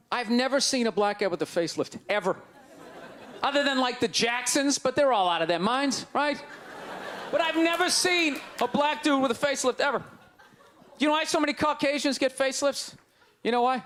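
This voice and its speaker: A man in his forties doing a loud, exasperated, mocking stand-up rant on a club stage with a handheld mic. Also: extremely high pitch. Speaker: stand-up comedian. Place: comedy club stage before a live audience. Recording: live club recording with crowd laughter and noise.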